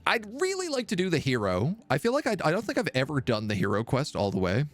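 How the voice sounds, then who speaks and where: A live streamer with a fairly high voice talks quickly, his pitch swooping wildly as he plays a strategy game. He muses aloud while weighing his options, with game music in the background, offering gameplay commentary.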